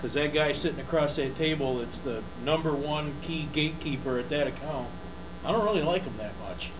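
A man in a sales training group, candidly describing his customers and pausing to think. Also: on the high side. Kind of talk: group discussion. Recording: noisy room with mains hum.

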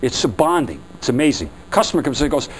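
A man leading a sales training seminar for a group, lively and acting out customer quotes. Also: medium pitch, quick pace, slightly rough, poor audio. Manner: animated, acts out customer quotes.

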